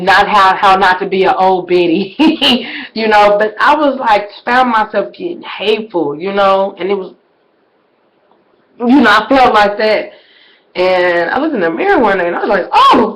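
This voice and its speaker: A woman talks straight to her viewers in a loose, casual vlog. Her delivery swings widely, sinking to near-whispered asides and then leaping up into loud, shouted exclamations. She keeps calling out to her audience as "y'all". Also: on the low side, slight background noise, low-quality recording. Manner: conversational, addresses viewers as "y'all". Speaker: vlogger.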